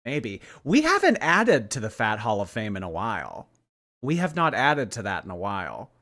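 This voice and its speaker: A man's voice: fairly low pitch, huge pitch swings, moderate pace, sharp tone. A man hosting a live stream, reacting to a clip with mocking, chatty commentary and reading out viewer messages.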